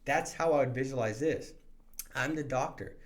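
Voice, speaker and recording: A man giving a motivational sales training talk to new insurance agents, energetic and conversational, often restarting his sentences. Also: mid-range voice, moderate pace.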